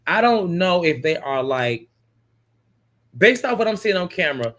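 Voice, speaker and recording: A man's voice: sits high, very animated, a bit bright. A man co-hosting a casual recap chat, talking in loose, laughing asides. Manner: chatty, laughing, drawn-out asides. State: yawning. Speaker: podcast co-host.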